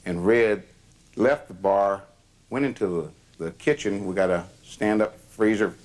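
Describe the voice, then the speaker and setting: Low-voiced older man, plainspoken. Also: unhurried, a little mellow. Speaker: storyteller. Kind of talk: reminiscing anecdotes.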